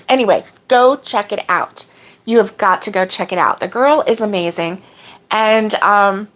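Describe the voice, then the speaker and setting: A woman hosting a casual crochet livestream, chatting as she reads out viewer comments, with drawn-out exclamations. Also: fairly high pitch.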